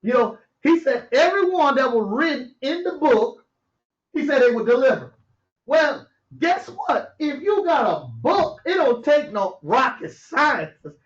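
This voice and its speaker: A man with a very high voice teaches scripture at an unhurried pace. He reads verses aloud and then talks them through casually, chuckling as he goes. The recording is echoey and muffled. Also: very animated. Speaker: preacher. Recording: roomy, dull lo-fi audio.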